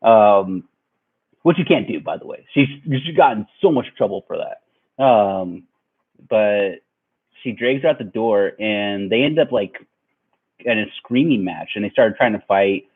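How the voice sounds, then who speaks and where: A man's voice: lowish voice, animated, measured pace, slightly rough. A man in his twenties telling a personal story in a rambling way, with lots of fillers and laughs. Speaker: vlogger. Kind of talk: storytime vlog. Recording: tinny phone-like sound.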